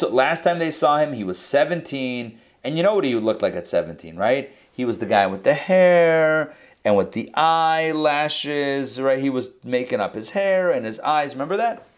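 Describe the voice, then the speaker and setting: A man gives an informal Torah lesson. He explains the text in a loose, conversational way, thinking out loud as he goes. His voice sits in an ordinary middle register. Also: medium pitch. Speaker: Torah teacher. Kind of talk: informal Bible class.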